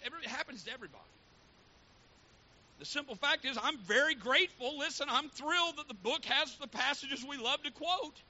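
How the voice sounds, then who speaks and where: A male pastor preaching a fervent sermon that swings from hushed to shouting. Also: very high-pitched. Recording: dull lo-fi with faint hiss.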